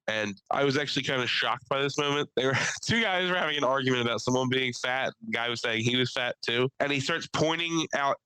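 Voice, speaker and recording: A young man from the Philadelphia area, hosting a podcast and telling crude stories in a casual chat, doing quick voices for the people in them. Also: mid-range voice, smooth, no echo, low-quality recording. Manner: animated storytelling with crude jokes and voices. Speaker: podcast host.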